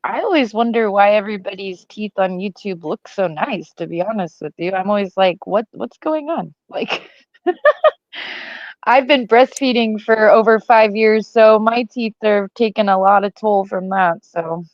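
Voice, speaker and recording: A woman's voice: mid-range voice, unhurried, no room sound, lo-fi sound. A woman from Missouri with a Missouri accent, guesting on a casual livestream chat and rambling with lots of "like" and "um". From Missouri, USA. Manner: rambling, heavy with "like" and "um". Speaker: co-host guest.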